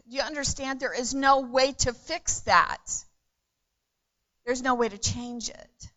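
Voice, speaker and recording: A woman preaching a sermon in an earnest way, repeating phrases and swinging from hushed to loud. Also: high-pitched, unhurried, low-quality recording.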